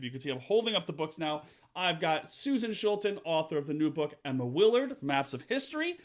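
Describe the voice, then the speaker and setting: A man's voice: on the high side, fairly bright tone. Upbeat male podcast host. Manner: upbeat, with emphatic rises on key words. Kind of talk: podcast intro and interview chat.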